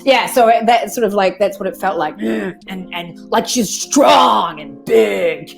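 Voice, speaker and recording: A woman's voice: medium pitch, unhurried, creaky, faint music behind. A woman, chatting as a guest voice actress on a video-call interview, laughing often.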